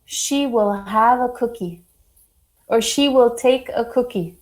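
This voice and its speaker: A woman teaching a French lesson to a class, slow and deliberate, praising students often. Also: on the high side, a little mellow, poor audio.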